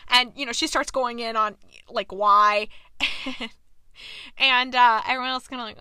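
Animated young woman recapping a show, bright voice. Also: on the high side, clear, resonant tone, dry recording, clean studio sound. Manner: animated and exasperated, quoting characters in quick asides. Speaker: podcast host recapping a TV episode. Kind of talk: casual recap chat.

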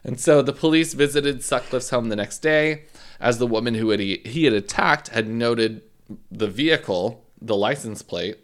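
A man's voice: medium pitch, normal speed. A man co-hosting a podcast, retelling a crime story in casual chat with playful asides. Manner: lively, laughing, playful asides. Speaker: podcast co-host.

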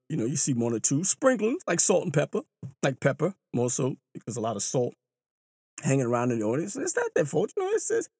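Animated man, lively swooping pitch. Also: dry recording, clean studio sound. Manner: animated, mimics bystanders with exaggerated pitch jumps. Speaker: runner and storyteller. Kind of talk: casual storytelling monologue. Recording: clear hip hop music behind the voice.

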